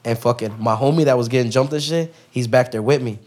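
A man guesting on a podcast, telling a story in casual, profane street slang, with lots of "bro" and lively acted-out lines. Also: medium pitch, fast talker. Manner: acts out other people's lines in raised voices.

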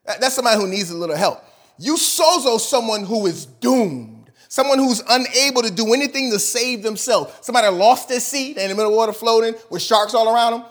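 A man's voice: extremely high pitch, a bit bright. A male pastor preaching a sermon, emphatic, repeating key words and putting questions to his congregation.

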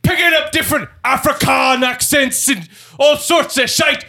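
A man doing a shouty cursing British bandmate. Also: very high voice, moderate pace, gravelly, heavily acted. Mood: ranting. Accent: put-on British. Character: loud hot-headed British male bandmate. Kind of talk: improvised comedy sketch.

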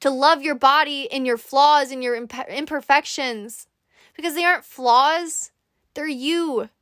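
A woman's voice: high-pitched, a bit bright, dry recording, studio quality. A woman hosting a podcast, giving an earnest, encouraging monologue straight to the listener. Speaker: podcast host. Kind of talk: motivational monologue.

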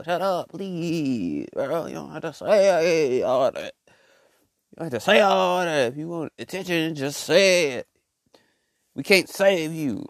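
A man's voice: mid-range voice, no echo, clean studio sound. A man ranting in a loose, rambling comic monologue, full of slang and filler words. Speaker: podcast host. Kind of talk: comedic rant monologue.

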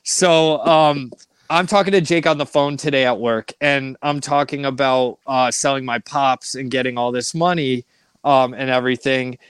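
A man's voice: mid-range voice, fairly even intonation, moderate pace, smooth, no room sound. A young man casually telling a rambling, funny story on a podcast, laughing and acting out the people in it. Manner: rambling, laughing, acts out voices in his stories. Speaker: podcast co-host.

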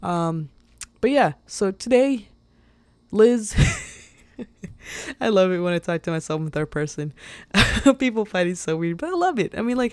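A woman's voice: mid-range voice, no room sound. A woman hosting her own podcast, talking in a casual, rambling, earnest way, with many fillers and little laughs. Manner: openly emotional and earnest. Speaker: podcast host. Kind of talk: casual solo podcast monologue.

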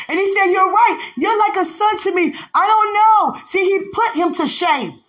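A woman giving a devotional podcast sermon, retelling a Bible story with animated storytelling and acting out the characters' lines. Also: very high-pitched, moderate pace, hardly any pauses, soft background music, rough recording. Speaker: preacher.

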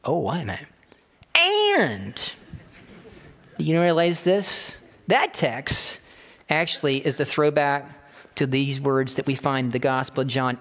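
A man preaching a sermon, emphatic and repetitive, slowing down to quote scripture. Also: fairly high pitch, expressive, fairly bright tone, long reverb tail. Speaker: pastor.

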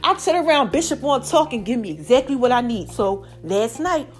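A woman vlogger and podcast host chatting casually to her viewers, animated and talkative, tossing in "y'all" and "okay?". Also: high-pitched, moderate pace, a little hiss or hum.

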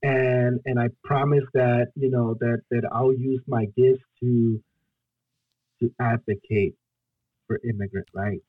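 A young man from Guatemala, a storyteller and solo performer, telling his own story as a podcast guest in an earnest, halting way. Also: mid-range voice, steady tone, dry recording, phone-quality sound. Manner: earnest, halting, acts out his own past pleas and quotes. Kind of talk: emotional personal storytelling in a podcast interview.

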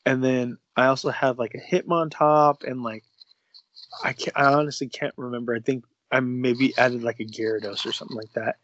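A man's voice: mid-range voice, steady tone, moderate pace, fairly bright tone, dry recording, muffled recording. A young man co-hosting a casual podcast, telling a story with lots of swearing and acting out the dialogue he quotes. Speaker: podcast co-host. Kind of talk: casual chat.

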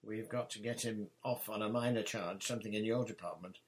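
Brief: brisk, chatty middle-aged wizard official, read by a man, urgent, low voice. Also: steady tone, natural voice, low-quality recording.

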